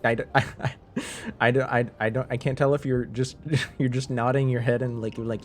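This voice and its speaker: A man's voice: mid-range voice, normal speed, faint music behind. A man chatting casually with viewers on a live stream, rambling, laughing and restarting his sentences.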